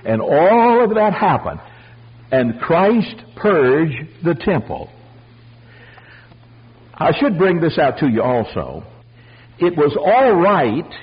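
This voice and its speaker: An older man preaching a folksy storytelling sermon, animated and acting out the voices of the people in his stories. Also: fairly high pitch, slightly rough, dull audio. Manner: animated, acts out voices, chuckles.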